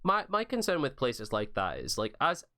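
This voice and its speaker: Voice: medium pitch, wildly swooping pitch, normal speed, bright, forceful tone. A podcast co-host with a Geordie accent, stammering and giggling through casual banter.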